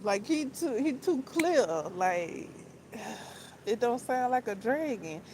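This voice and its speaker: A woman chatting casually on a book vlog, rambling and circling back to repeat herself. She talks at an unhurried, slow pace and laughs often. A faint hum of room ambience sits behind her voice. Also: fairly high pitch, animated. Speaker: book vlogger. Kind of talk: casual chat.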